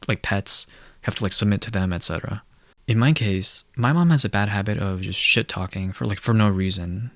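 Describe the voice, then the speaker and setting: Young man, lowish voice, dry close mic; casual filler-heavy rant, blunt and sardonic. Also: fairly bright tone, no echo. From Asia. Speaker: commentary video host.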